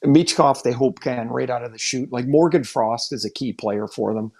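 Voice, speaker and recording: A man with a gravelly, rough-edged voice at an ordinary pitch co-hosts a sports podcast. He thinks aloud in loose, candid chat and often restarts his sentences mid-thought. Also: normal speed, a little mellow. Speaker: podcast co-host and hockey analyst.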